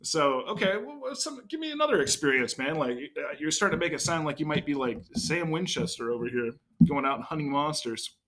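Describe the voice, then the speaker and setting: A man's voice: a little high, lively intonation, fairly quick, hardly any pauses, a bit bright. A young man co-hosting a podcast in casual chat, joking and teasing with a lot of swearing. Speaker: podcast co-host.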